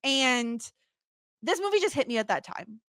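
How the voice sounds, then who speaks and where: A woman's voice: sits high, moderate pace, no room sound, studio quality. A woman in her thirties co-hosting a podcast in casual, jokey chat. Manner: animated, jokey, bursts into laughs. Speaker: podcast co-host.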